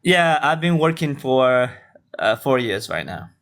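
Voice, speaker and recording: A man in his late twenties from China, speaking English with a Chinese accent, chatting politely with many pauses and restarts. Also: medium pitch, big pitch swings, a bit bright. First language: Mandarin. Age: late 20s. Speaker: teacher and guest. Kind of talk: casual English practice chat.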